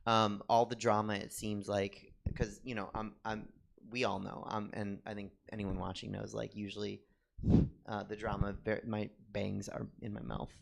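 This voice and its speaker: A man hosting a casual chat show in front of a studio audience, chatty and gossipy with quick asides. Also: lowish voice, little pitch movement, creaky, a little hiss or hum. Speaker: host.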